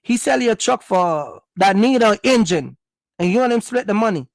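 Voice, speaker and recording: Casting: blunt vlogger, high gravelly voice, mocking and scolding. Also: male voice, expressive, normal speed, dry recording. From Jamaica. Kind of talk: opinionated monologue.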